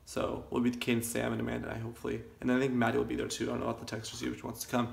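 A man's voice: medium pitch, monotone, rapid-fire, gravelly, echoey room. A young man rambling casually to camera in his home kitchen, chatty and self-deprecating. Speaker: vlogger. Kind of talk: casual vlog chat.

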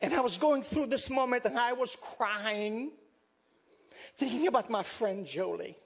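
Preaching at a funeral, an older Southern US pastor swings dramatically in his delivery and performs the voices he quotes. His very high-pitched voice is gravelly and slightly rough, and he talks a little slowly.

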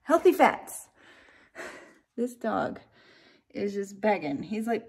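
A middle-aged woman vlogs casually from her home kitchen, talking to her viewers and her pets with self-mocking humor. Her medium-pitched voice swings widely in pitch, and she speaks slowly with frequent pauses.

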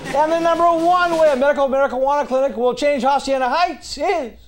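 A man with a strikingly high voice hosts a local TV show. He reads a jokey countdown list and introduces a guest comedian with upbeat patter. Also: brisk, low-quality recording. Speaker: show host. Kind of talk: local TV host reading a top-eleven list.

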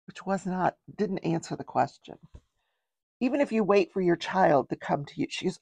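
Gravelly, husky older woman host. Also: fairly low pitch, normal speed, darkish tone, dry recording. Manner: chatty, rambling, with wry asides. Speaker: true-crime show host. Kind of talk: casual trial recap.

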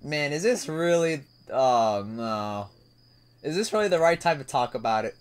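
A man's voice: a little high, lively intonation, moderate pace, clear, resonant tone. A man casually commenting on a dating sim as he plays, chuckling and talking to his viewers. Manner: laid-back, chuckling, talks to viewers while reading a visual novel. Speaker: gaming video host. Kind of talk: casual let's-play commentary.

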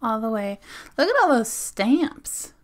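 A woman's voice: on the high side, animated, measured pace. A woman from Australia chatting casually at her desk as she opens mail on her phone camera, gushing, giggling and sometimes dropping to a whisper. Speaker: zine vlogger. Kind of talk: casual unboxing chat. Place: home desk.

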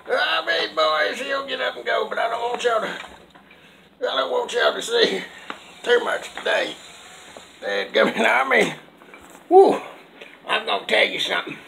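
A man, loudly showing off a custom power chair in a folksy sales pitch and often breaking into cackling laughter. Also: gravelly, a little hiss or hum. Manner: loud folksy hollering with frequent cackling laughs. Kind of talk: homemade showoff sales pitch.

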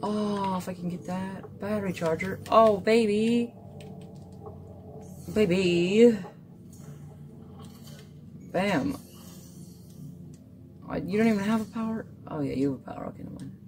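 A gamer in casual gameplay commentary, muttering playfully to themselves and to the game, with sudden excited outbursts. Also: mid-range voice, a little fast, faint music behind. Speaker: gamer playing a survival game.

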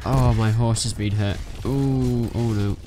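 A young man, chatting casually through a game and getting excitable in the busy moments. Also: mid-range voice, a little slow, over music. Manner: chatty, self-narrating, excitable bursts. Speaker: let's play gamer. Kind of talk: casual gameplay commentary.

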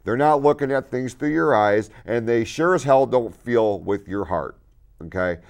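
A man hosts a local television talk show from the studio, speaking earnestly about self-improvement. His pitch sits in an ordinary middle range, and he presses each point home with growing emphasis. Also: expressive, moderate pace, vocal fry, smooth. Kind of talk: motivational studio chat.

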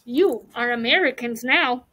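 A woman voicing a man working as an interpreter, calm and matter-of-fact as he explains. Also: a little high, a little slow.

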